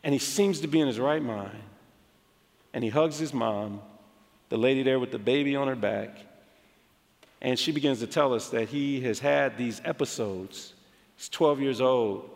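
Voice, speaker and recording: An American man preaching a sermon, telling a story in an animated way with many casual "like" asides. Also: medium pitch, moderate pace. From United States. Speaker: pastor. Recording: long hall reverb.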